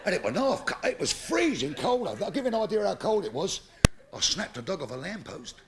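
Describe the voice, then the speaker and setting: Gravelly Cockney comedian on a theatre stage. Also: male voice, high voice, very animated, a little fast, crowd noise. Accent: London Cockney. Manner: gravelly, bawdy, acts out characters in shifting voices. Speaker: stand-up comedian. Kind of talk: live stand-up joke telling. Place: theatre stage with live audience. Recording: live theatre recording with audience laughter.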